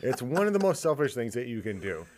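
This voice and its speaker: A man's voice: mid-range voice, big pitch swings, quick pace, background noise. A man hosting a podcast in casual chat, ranting and swearing freely and laughing often. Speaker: podcast host.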